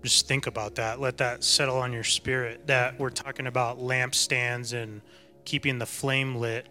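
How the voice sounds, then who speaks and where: A man reading scripture and giving a calm, reflective sermon to a congregation. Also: medium pitch, moderate pace, soft background music. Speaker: co-teacher in a congregation.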